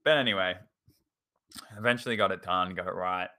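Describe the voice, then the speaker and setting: A man's voice: low-pitched, fairly quick, sharp tone. A young man co-hosting a podcast, telling a story in a rambling casual way with lots of fillers and restarts. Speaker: podcast co-host. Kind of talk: casual chat.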